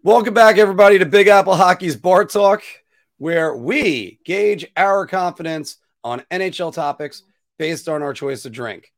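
A man's voice: sits high, animated, normal speed, dry recording. A man co-hosting a casual hockey podcast, laughing at his own slips and mocking himself as he talks. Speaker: podcast co-host.

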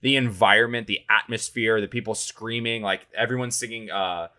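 Bright-voiced man, rambling and animated. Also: on the low side, moderate pace. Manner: rambling, animated storytelling with fillers. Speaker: sports reporter, podcast co-host. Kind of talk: casual podcast chat.

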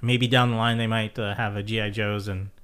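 A man's voice: fairly low pitch, little pitch movement, a little fast, a bit bright, clean tone. A man hosting a casual podcast chat, laughing often and acting out movie scenes in put-on voices. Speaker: podcast host.

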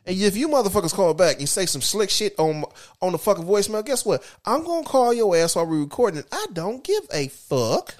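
A man with a Southern US accent co-hosting a casual podcast, profane and animated, acting out imagined quotes. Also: high-pitched, a little fast. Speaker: podcast co-host. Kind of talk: casual chat.

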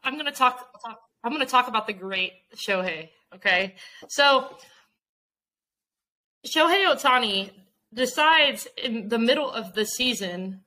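A woman co-hosting a podcast, upbeat and excitable as she chats about baseball. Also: fairly high pitch, unhurried, poor audio. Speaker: podcast co-host. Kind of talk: casual sports chat.

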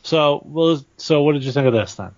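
A man's voice: on the high side, normal speed, a little mellow, no room sound. Wry man on a dry lo-fi mic. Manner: wry, questioning, sarcastic asides. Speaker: podcast co-host. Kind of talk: casual wrestling recap chat. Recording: dry, dull lo-fi audio.

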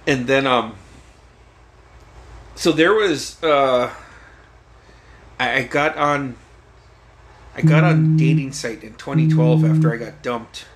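A man's voice: mid-range voice, slow, long pauses. A man guest on a podcast, telling stories casually, swearing freely and laughing often. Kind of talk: casual storytelling.

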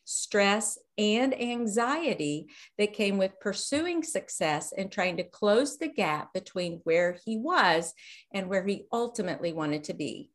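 A woman's voice: mid-range voice, expressive, measured pace. Woman, podcast host, bubbly, enthusiastic, video call interview. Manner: bubbly, enthusiastic, reads bio aloud. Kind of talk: casual interview chat.

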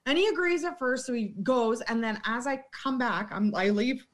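A woman's voice: fairly high pitch, normal speed. Blunt, profane young woman bartender. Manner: blunt, profane, laughs through stories, acts out customers. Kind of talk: casual storytelling chat.

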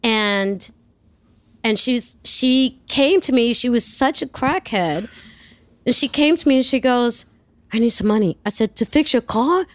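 A woman from New York, a guest telling a long, animated story in an interview and acting out the voices in it, swearing freely. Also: a little high, measured pace, no echo. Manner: lively, acts out voices in her anecdotes, swears freely.

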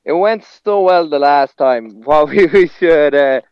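A man who works as a stand-up comedian, talking in a relaxed, rambling way. His voice sits somewhat high and comes through smooth and clear. The recording is dry and a little dull. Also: measured pace, no room sound. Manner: rambling, with restarts and laughs. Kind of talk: casual conversation.

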